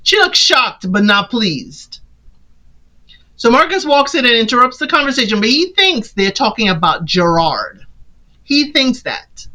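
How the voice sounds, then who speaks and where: A woman casually recapping a film for a podcast, animated and playful, often quoting the characters in put-on voices. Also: on the high side, measured pace, rough recording.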